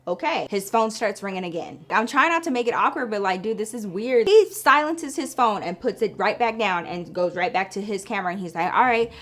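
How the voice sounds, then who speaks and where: A woman in her thirties telling a story to her viewers in a casual, animated way, swearing freely. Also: medium pitch, fairly quick, hardly any pauses. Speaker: vlogger.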